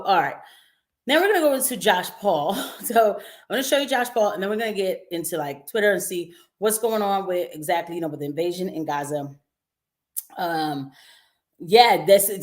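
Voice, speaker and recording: A young woman hosts a casual news-commentary live stream in a mid-range voice, emphatic and quick to laugh. Now and then she acts out the voices of the people she quotes.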